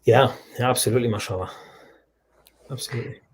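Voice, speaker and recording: A man telling stories as a guest in a conversation, animated and full of restarts. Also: mid-range voice, quick pace, breathy edge. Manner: animated storyteller with frequent restarts. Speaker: guest, humanitarian charity leader. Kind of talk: storytelling in a conversation.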